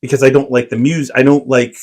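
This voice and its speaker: A man's voice: mid-range voice, level tone, quick pace, darkish tone, poor audio. A man co-hosting a podcast, telling a long anecdote in casual chat, full of fillers and quoted lines. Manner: rambling, filler-heavy storytelling with acted quotes. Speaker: podcast co-host.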